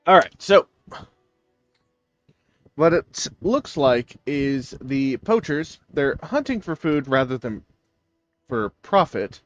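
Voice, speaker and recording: A man's voice: medium pitch, no room sound, lo-fi sound, soft background music. Guy running a tabletop game, lots of uhs, voice goes up and down a lot. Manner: lively, halting explanations with many fillers. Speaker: game master.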